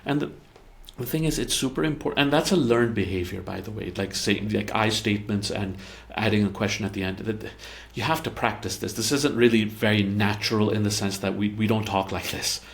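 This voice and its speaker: A fairly low, gravelly male voice moving at a slightly quick pace. He heads a therapy practice and talks casually about communication in relationships, frequently tripping over repeated words and performing sample dialogue.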